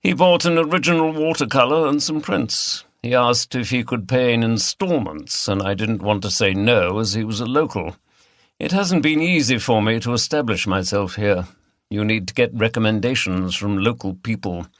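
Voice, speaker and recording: A man's voice: mid-range voice, moderate pace, fairly bright tone, no echo, clean studio sound, close to an everyday voice. A man reading the part of a middle-aged male artist with a British RP accent, polite, precise and faintly superior.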